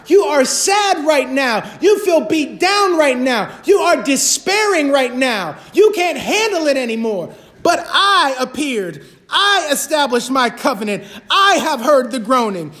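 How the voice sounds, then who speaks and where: A man preaching a sermon as a pastor, passionate and repetitive, rising to shouts. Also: extremely high pitch.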